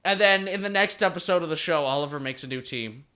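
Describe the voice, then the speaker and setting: A man's voice: on the high side, fast, bright, forceful tone, clear, resonant tone. A young man hosting a podcast, rambling through jokey recaps in a casual chat with plenty of restarts. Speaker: podcast host.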